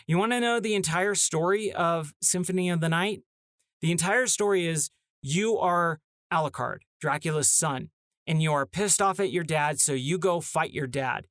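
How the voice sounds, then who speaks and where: A man with a somewhat high voice rants in casual talk, sounding exasperated and now and then mocking bits of dialogue. The sound is dry and close, with no room around it. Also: normal speed, fairly bright tone, no room sound. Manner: exasperated, ranting, mock-acts short dialogue snippets. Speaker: podcast host.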